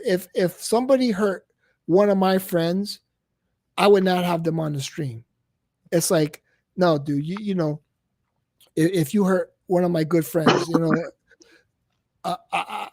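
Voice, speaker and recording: A man's voice: high voice, darkish tone, dry recording, clean studio sound. A man talking heatedly about a personal hurt, swearing a lot and repeating himself. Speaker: streamer guest. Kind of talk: emotional casual talk on a livestream.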